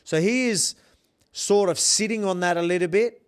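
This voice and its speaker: A man's voice: high-pitched, moderate pace, clear, resonant tone. A man in his thirties with an Australian accent, a professional fighter giving a casual, rambling, emphatic breakdown of a bout. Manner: emphatic and rambling, with many restarts.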